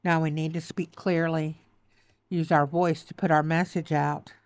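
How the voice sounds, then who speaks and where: A woman's voice: sits low, flat delivery, unhurried, no room sound. A woman giving a tarot reading, choked up and tearful, repeating soothing affirmations. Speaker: tarot reader.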